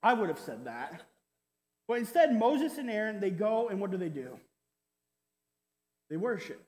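A male pastor delivering a sermon in an animated, conversational way, peppering it with "right?" asides and mock quotes. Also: high-pitched, normal speed. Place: church hall. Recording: roomy hall with long reverb.

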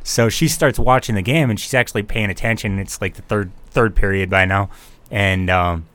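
A man's voice: on the low side, normal speed, fairly bright tone. A man casually telling a rambling story on a talk show, full of fillers and restarts.

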